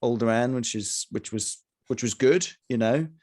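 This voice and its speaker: A middle-aged man co-hosting a casual review chat, talking in halting bursts with many fillers and restarts. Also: medium pitch, a little mellow. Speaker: podcast co-host.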